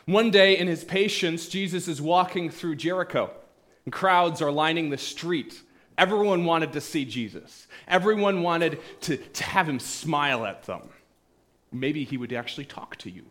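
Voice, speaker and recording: A pastor preaching a sermon, retelling stories with acted-out quoted voices, swinging between loud bursts and hushed, quiet passages. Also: male voice, a little high, lively intonation, a little slow.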